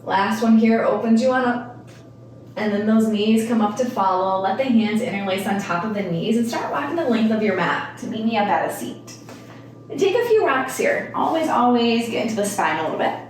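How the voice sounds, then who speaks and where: A woman instructor guiding a yoga class, calmly cueing breath and movement with casual, rambling asides. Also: a little high, moderate pace, a little hiss or hum. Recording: echoey room, mic at a distance.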